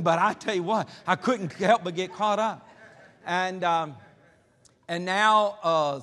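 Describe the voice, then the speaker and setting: Male pastor, high voice, halting story-driven sermon, long hall reverb. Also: fairly bright tone. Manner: hesitant with many filler sounds.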